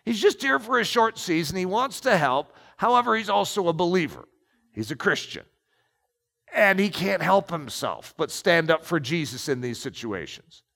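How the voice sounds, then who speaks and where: A man's voice: high voice, very animated, moderate pace, gravelly, a bit bright. A man preaching and reading aloud from a book, emphatic and storytelling. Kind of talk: sermon with read-aloud passages. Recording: long echoing reverb.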